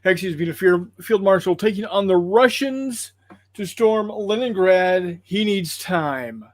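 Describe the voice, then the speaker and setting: Guy hosting a game stream, rambly and apologetic, kinda high voice, dry close sound. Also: lively intonation, unhurried, dry recording. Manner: rambling, apologetic, folksy with fillers. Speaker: host of a tabletop gaming livestream. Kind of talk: casual chat reading viewer comments.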